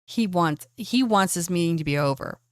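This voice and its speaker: A woman's voice: lowish voice, lively intonation, moderate pace, clear, resonant tone, no echo, studio quality. A woman narrating a tabletop role-playing game as game master, chatty and casual with many fillers.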